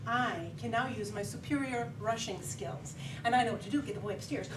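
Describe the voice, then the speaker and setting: A middle-aged woman giving a humorous contest speech, telling a lively story with laughing asides. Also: fairly high pitch, brisk. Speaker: contest speaker. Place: meeting hall with audience. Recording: echoey hall, distant mic, background noise.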